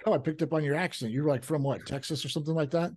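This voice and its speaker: A man's voice: on the high side, rapid-fire, darkish tone. A man hosting a business podcast, introducing guests and asking questions in an upbeat, conversational way. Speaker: podcast host. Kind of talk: podcast interview.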